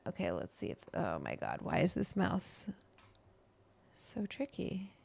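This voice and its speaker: Gravelly-voiced woman hosting a casual chat. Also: fairly low pitch, unhurried. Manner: reads quotes aloud, chatty and relaxed. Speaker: host.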